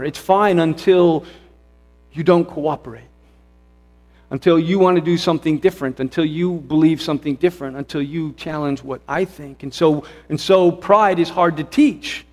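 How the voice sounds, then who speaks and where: A man's voice: fairly high pitch, darkish tone. A man preaching a sermon as pastor, earnest and repetitive, often restarting his phrases. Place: church sanctuary. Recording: long reverb of a church hall.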